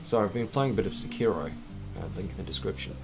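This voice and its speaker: A man's voice: lowish voice, quick pace, creaky, over music. A man giving casual, rambling, self-mocking commentary while playing a game, swearing now and then. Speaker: gaming let's-play host.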